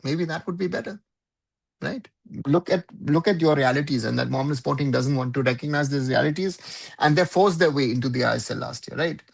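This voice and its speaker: A man's voice: fairly high pitch, fairly quick, creaky, breathy edge. A man hosting a live football talk show, giving opinionated commentary in a conversational way and often checking in with "right?".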